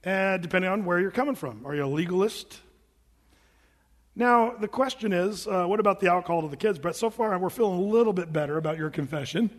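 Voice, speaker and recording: A middle-aged male pastor telling a personal story in a sermon, animated and acting out the voices of his family. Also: sits high, brisk, long reverb tail.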